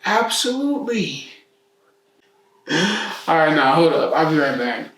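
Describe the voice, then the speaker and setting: A man rambles raw and profane in slow, drawn-out speech, his voice fairly high for a man. He sounds set back from the mic, with the echo of a bare room around him. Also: big pitch swings, fairly bright tone. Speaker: vlogger. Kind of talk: emotional self-talk vlog. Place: living room at home. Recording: roomy echo, mic far off.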